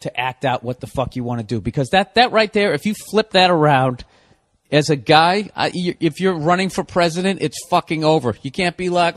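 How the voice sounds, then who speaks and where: A man's voice: fairly high pitch, normal speed, dry recording, clean studio sound. A man in his forties hosting a solo podcast, ranting with profane sarcasm. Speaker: podcast host.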